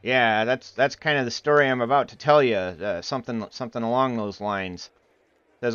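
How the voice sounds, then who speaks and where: A man's voice: fairly low pitch, moderate pace, a bit bright, smooth, dry recording. A man from Iowa narrating as game master, rambling with lots of fillers and slipping into playful character voices. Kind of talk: narrating a tabletop game livestream. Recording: muffled livestream audio with faint music.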